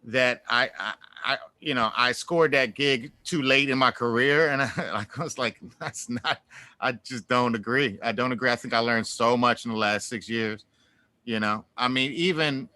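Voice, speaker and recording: A man speaks as a guest in a relaxed interview, winding through his stories with many fillers and restarts. His voice is bright and forceful, at an ordinary pitch for a man. The sound is dry, with no room echo. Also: clear, resonant tone. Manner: animated, laughs through stories. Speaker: guest musician. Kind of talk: casual interview chat.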